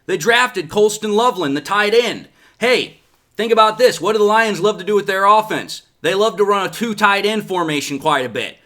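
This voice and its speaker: A man hosting a sports commentary show, talking in a sarcastic, animated way with lots of rhetorical questions. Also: high voice, moderate pace. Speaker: sports podcast host.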